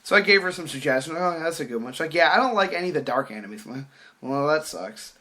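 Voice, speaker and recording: A young man tells a story in a bright, edgy voice and a slightly high pitch. He acts out the people in it and swears freely. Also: quick pace. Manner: animated, acts out quoted voices, swears casually. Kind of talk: casual podcast storytelling.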